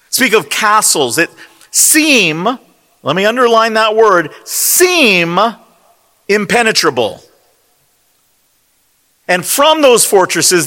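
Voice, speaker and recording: A man preaches in an emphatic, rhetorical style, his high, bright voice swinging widely in pitch. He takes his time, stressing single words one by one. A long hall reverb trails every phrase. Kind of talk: sermon. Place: convention hall.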